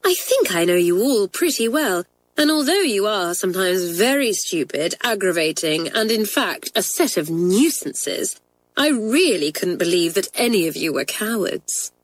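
A kindly schoolmistress, as a woman reader plays her, firm yet good-humoured with her class. She speaks in a measured, explaining teacher's tone, a grown-up voice in a read-aloud storybook. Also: medium pitch, very animated, dry recording, rough recording. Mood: fond.

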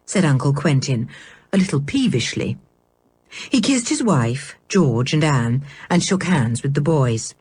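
A woman narrating a children's storybook aloud in an expressive, animated reading style. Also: deep voice, unhurried, breathy edge. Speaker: audiobook narrator.

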